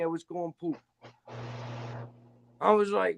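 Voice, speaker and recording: A man's voice: a little high, sing-song, normal speed, creaky, long pauses. A middle-aged man in casual chat, telling rambling stories full of swearing. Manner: profane, rambling storyteller.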